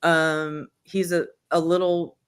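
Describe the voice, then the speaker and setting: A woman's voice: low voice, little pitch movement, takes it slowly, smooth. Heartfelt woman hosting a book club. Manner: heartfelt, breaks off to apologize. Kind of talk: reading a memoir aloud and chatting.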